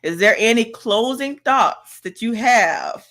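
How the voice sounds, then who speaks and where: A woman's voice: fairly high pitch, animated, slow, a bit bright, slight background noise. A woman hosting a live online talk show, chatting casually, laughing often and reading out viewer comments. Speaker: podcast host. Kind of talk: casual live-stream chat.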